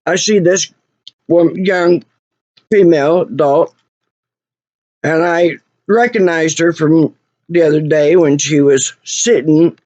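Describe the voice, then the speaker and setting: A woman's voice: deep voice, a little mellow, no echo. A woman angrily retelling an incident, repeating herself, her voice rising. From Oklahoma. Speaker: vlogger. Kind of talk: angry personal retelling of an incident. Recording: muffled lo-fi recording.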